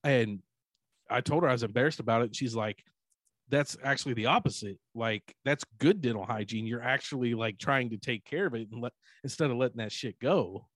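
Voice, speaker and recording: Male co-host, mid-pitched, relaxed and profane, dry mic. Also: fairly quick, no room sound. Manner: profane, laid-back bragging. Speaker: podcast co-host. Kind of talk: casual podcast chat.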